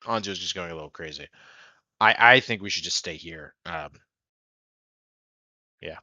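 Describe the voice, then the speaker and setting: Guy playing a tabletop game, kinda low voice but bright, jokes around and swears a lot. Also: moderate pace, no room sound. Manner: joking, laughs often, swears casually. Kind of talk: casual chat at a tabletop game.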